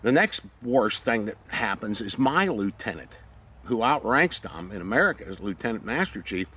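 Profane animated retired SEAL storyteller. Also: male voice, fairly low pitch, moderate pace, husky. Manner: profane, animated, acts out the scenes. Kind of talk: casual anecdote telling.

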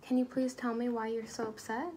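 A young woman narrating and playing a caring group home worker, calm and patient, in a student role-play scene. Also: on the high side, brisk, a little hiss or hum. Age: young adult. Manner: calm, gentle, patient questioning.

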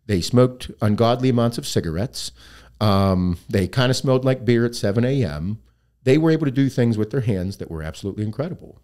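A man's voice: fairly low pitch, dark tone. A man as a podcast guest, animatedly telling profane stories about his working past and laughing along. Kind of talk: casual storytelling interview.

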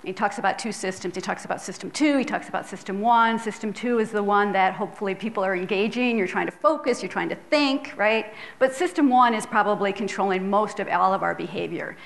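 A woman's voice: mid-range voice, vocal fry. A middle-aged woman, a public health professor, giving an earnest, conversational lecture in a filmed hall, checking in with the audience as she goes. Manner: earnest, conversational, with tag questions. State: tearful at times.

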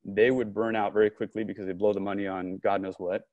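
Brief: low male voice, animated storyteller, dry close-miked studio sound. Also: fast talker, no echo, highs cut off. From Southern California. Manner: animated storyteller, frequent restarts and quoted dialogue. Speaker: podcast guest, company co-founder. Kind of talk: storytelling in a conversational interview.

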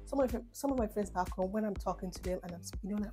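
A woman's voice: mid-range voice, rapid-fire, hardly any pauses, faint music behind. A young woman from Nigeria with a Nigerian accent, chatting casually in a rambling get-to-know-me vlog. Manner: chatty, rambling, animated asides. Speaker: vlogger.

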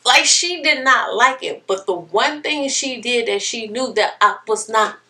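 A young adult woman vlogger telling a personal story in a candid, animated, expressive way. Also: on the high side, a little slow, recorded from a distance. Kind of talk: casual storytelling.

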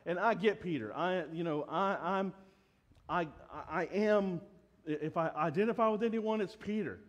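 A man preaching a sermon as pastor, lively, and acting out voices from the story. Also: high voice. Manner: animated, acts out voices in the story. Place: church sanctuary. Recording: long reverb of a church hall.

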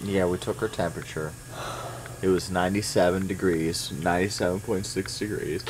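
A man chatting casually at home with his wife, giving brief, low-key replies. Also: fairly even intonation, a little fast, a little hiss or hum, poor audio. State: unwell. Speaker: husband and father. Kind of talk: casual home vlog chat.

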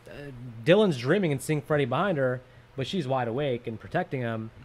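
A man's voice: medium pitch, a little fast. A man co-hosting a casual movie podcast, chatty and jokey, often trailing off with fillers. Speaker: podcast co-host.

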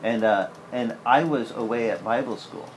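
A male pastor delivering a sermon in a loose, conversational manner, voice sitting at an ordinary middle pitch. He slips into animated acted-out prayers now and then. There's a faint hiss under the recording. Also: normal speed. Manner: conversational and candid, with sudden lively acted asides in prayer.

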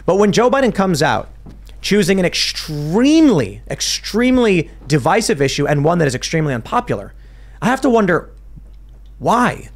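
A man's voice: high voice, moderate pace. A man hosting a political talk show, talking in a casual, rambling way with many restarts. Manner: animated, rambling with restarts, mimics accents. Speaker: podcast host.

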